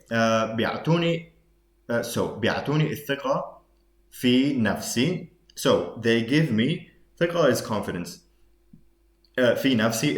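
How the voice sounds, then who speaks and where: A man's voice: fairly low pitch, reverberant. A man explaining Arabic phrases in English during a reading lesson, thinking aloud with many fillers and restarts as he switches between the two languages. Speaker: Arabic dialect teacher.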